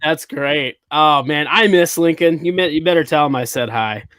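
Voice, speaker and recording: A man with a fairly high speaking voice hosts a comedy podcast, workshopping jokes in loose, casual chat. He laughs often and riffs aloud. The sound is dry and close, with no room around it. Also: moderate pace, fairly bright tone, clear, resonant tone, no echo.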